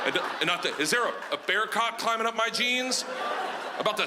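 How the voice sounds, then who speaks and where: A middle-aged male comedian tells a wild story on stage, loud and excitable, his voice riding high and breaking into shouted punchlines. He acts out every character himself. The live recording carries clear noise from the audience behind him. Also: quick pace. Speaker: stand-up comedian. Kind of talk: stand-up storytelling.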